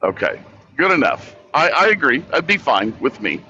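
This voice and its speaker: A man with a bright, pressing voice reasons through a question, stopping and restarting as he goes. His line sounds dull and lo-fi, with a faint hiss underneath. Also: medium pitch, big pitch swings. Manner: halting, restarts, thinks aloud. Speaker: guest debater. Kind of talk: casual debate chat.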